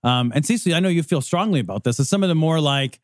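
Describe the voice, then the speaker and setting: A man co-hosting a podcast in a fairly high voice. He swears freely and mocks his targets. The recording is dry and close, with no room sound. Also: fast talker, no room sound. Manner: profane, animated, mocking. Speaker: podcast co-host. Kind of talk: casual political chat.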